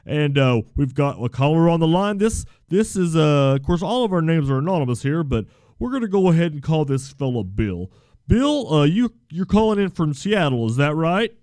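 A man's voice: on the high side, sing-song, moderate pace, a little mellow, dry recording. A man doing a folksy Texas call-in radio host. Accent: put-on Texas drawl. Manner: folksy, stumbling, rambling. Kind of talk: comedic call-in radio sketch.

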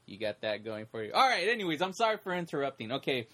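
A woman co-hosting a casual podcast chat, jokey and quick to interrupt, often breaking into laughter. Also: sits low, sing-song, noisy background. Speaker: podcast co-host.

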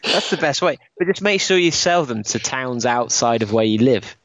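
Casting: male co-host, lively playful banter, muffled lo-fi dry audio. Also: mid-range voice, moderate pace, dry recording. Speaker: podcast co-host. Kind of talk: casual chat.

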